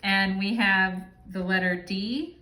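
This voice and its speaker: A woman gives a casual tarot reading in an easy, chatty way. She swears freely and keeps checking in with her listeners. Her voice sits at a middle pitch and carries a roomy echo. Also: fairly even intonation, takes it slowly, sharp tone. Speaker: tarot reader.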